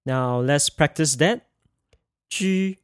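A pinyin pronunciation lesson is taught by a man whose voice runs high and unhurried. The language teacher speaks deliberately, repeating sounds for students to imitate, and the studio sound is clean.

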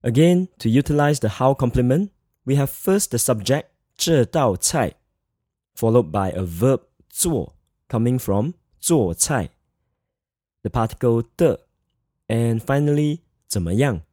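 Lively, mellow-voiced man teaching a language lesson. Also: medium pitch, no room sound, studio quality. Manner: measured, slow model phrases with repeats. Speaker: Mandarin teacher. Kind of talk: scripted grammar lesson.

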